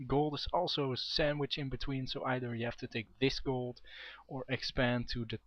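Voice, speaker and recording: A man's voice: mid-range voice, little pitch movement, moderate pace, dry recording. A young man casting a video game match in a chatty, rambling way, often correcting himself. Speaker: game commentator. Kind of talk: amateur esports commentary. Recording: dull, dry home mic.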